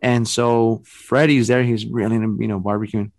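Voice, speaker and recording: A man's voice: lowish voice, little pitch movement, moderate pace, darkish tone, dry recording. A man casually telling a spooky story in a rambling way, filling it with "man" and "bro" and often restarting his sentences.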